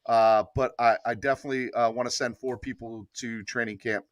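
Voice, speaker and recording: A man's voice: mid-range voice, fairly even intonation, fairly quick, no room sound. A man hosting a casual sports talk podcast, laughing often and urging listeners to donate. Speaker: podcast host. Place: Baltimore area.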